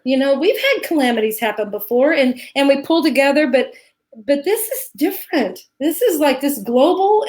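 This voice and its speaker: A woman co-hosting a live Q&A, talking in an earnest, heartfelt way with many restarts. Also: sits high. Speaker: co-host, teacher. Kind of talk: live Q&A chat.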